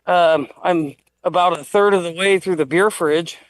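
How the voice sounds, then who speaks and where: A man's voice: high voice, moderate pace, dry recording. A man telling a heated, profane story in a casual livestream chat. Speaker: guest.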